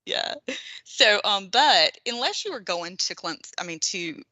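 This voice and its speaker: A woman from South Carolina with a light Southern accent, chatting fast and laughing often as a caller. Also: medium pitch, sing-song, sharp tone, dry recording. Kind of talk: casual chat.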